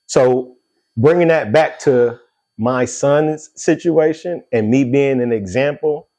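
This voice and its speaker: On a casual podcast, the middle-aged male host tells stories with lots of energy and no shortage of profanity. His voice is mid-range and his delivery slow.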